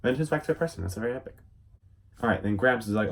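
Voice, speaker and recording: A young man giving a silly, rambling comedic recap of a cartoon episode, with deadpan asides. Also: medium pitch, quick pace. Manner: rambling, goofy, deadpan asides and sudden shouts. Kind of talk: silly comedic episode summary with quick voice impressions.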